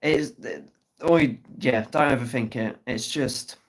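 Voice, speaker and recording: Over poor audio, a livestream host in a mid-range voice talks slowly as he reads comments, chatting casually, teasing viewers and swearing freely.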